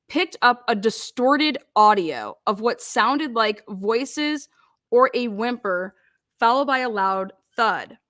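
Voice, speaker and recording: Woman grilling like a lawyer, pointed questions nonstop, bright sharp voice. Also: a little high. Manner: rapid-fire pointed questioning. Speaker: commentator. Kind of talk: mock cross-examination, commentary.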